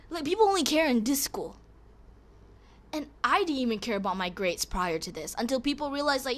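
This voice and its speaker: A teenage girl vlogs in a candid, rambling way, restarting her sentences as she goes. Her voice sits a little high and swoops expressively through a wide range. She slides easily into exasperated ranting. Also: big pitch swings, brisk, a bit bright. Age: teens. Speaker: vlogger. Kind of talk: casual confessional vlog.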